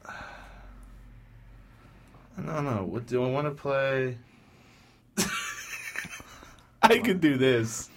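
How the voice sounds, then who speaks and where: A man's voice: medium pitch, big pitch swings, very slow, pauses often, a little hiss or hum. A man co-hosting a casual podcast chat, rambling playfully and turning mock-serious as he muses. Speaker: podcast co-host. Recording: music playing behind.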